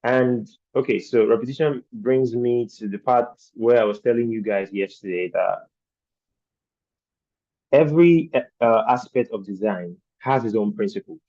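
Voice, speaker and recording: A man lectures an online design class in a low, mellow voice, taking his time over each point. He keeps posing rhetorical questions to the learners. The sound is dry and dull, like low-fidelity call audio. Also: steady tone, normal speed, few pauses, dry recording. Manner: explains patiently with rhetorical questions. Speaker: design instructor. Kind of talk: virtual training lecture.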